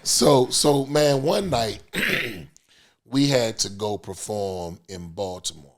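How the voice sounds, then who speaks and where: A middle-aged man, a music business veteran, telling stories as a podcast guest in a lively, laughing, casual way. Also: fairly low pitch, slow pace, a crowd in the background. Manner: lively, laughing storyteller with many fillers. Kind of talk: animated storytelling in casual chat.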